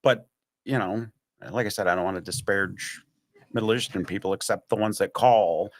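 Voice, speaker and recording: Telling long stories on a podcast, this man, whether guest or host, brings them to life by performing the voices of the people involved. His pitch is fairly low and his pace fairly quick in the casual, animated chat.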